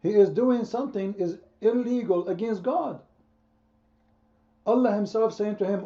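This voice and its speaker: A man hosts a heated online debate, his voice sitting high with a dark tone, a measured pace and long pauses. He speaks emphatically, repeats his points and quizzes his listeners. The audio has its highs cut off.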